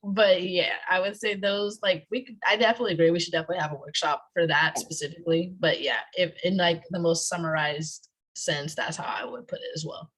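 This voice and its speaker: A young woman leads an online art workshop in a chatty, emphatic way, her voice sitting a little low. She speaks over a video call, filling her talk with casual asides. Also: steady tone, fairly quick, few pauses, fairly bright tone, breathy edge, poor audio. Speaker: workshop presenter.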